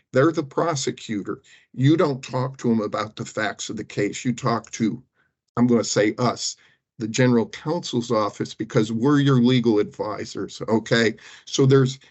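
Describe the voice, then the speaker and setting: A man's voice: medium pitch, a little mellow. Emphatic man briefing a public board. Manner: emphatic, cautionary, with light self-deprecating humor. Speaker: general counsel advising board members. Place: public meeting room. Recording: muffled meeting-room audio.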